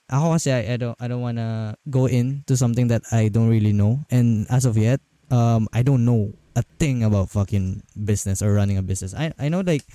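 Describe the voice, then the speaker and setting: A man's voice: mid-range voice, brisk, dark tone, dry recording. A young man with a Filipino accent in casual chat, joking and restarting often as he switches between Tagalog and English. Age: young adult.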